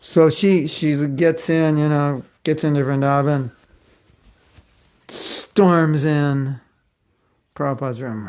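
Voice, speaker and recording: A man's voice: fairly high pitch, fairly even intonation, slow pace, long pauses, darkish tone, clear, resonant tone. A man giving a devotional class, telling stories in a conversational way and chuckling often. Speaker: spiritual teacher.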